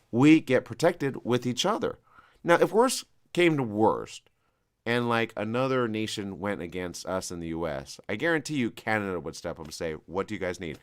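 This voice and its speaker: A man hosting a live talk show, giving rambling, conversational commentary with an American West Coast accent. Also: fairly low pitch. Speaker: host.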